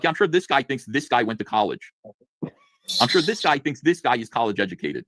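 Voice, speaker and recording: Co-host, male, quick and animated, sarcastic riffing, dry close mic. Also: mid-range voice, no echo. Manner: sarcastic, mocking, reads comic lines in put-on voices. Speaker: podcast co-host. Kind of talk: casual comic review chat.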